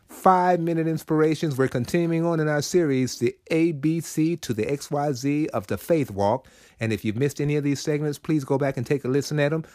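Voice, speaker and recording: A man's voice: mid-range voice, a little mellow, dry recording, clean studio sound. A man hosting a short devotional segment, preaching in a conversational way with sudden rises and drops. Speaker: inspirational segment host.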